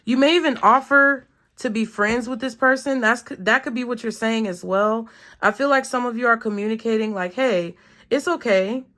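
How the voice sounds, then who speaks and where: Higher-voiced woman giving a chatty tarot reading. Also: brisk, sharp tone. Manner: chatty, thinking aloud with many "like" fillers. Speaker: tarot reader. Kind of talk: casual collective tarot reading.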